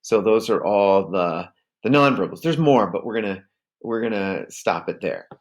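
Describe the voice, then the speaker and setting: A man's voice: on the low side, lively intonation, normal speed. A man teaching a class in a recorded video lecture, explaining step by step with frequent fillers and restarts.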